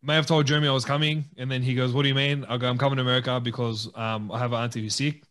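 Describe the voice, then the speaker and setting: A man co-hosting a podcast, telling a story in a casual, animated way and laughing often. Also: medium pitch, racing. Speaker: podcast co-host.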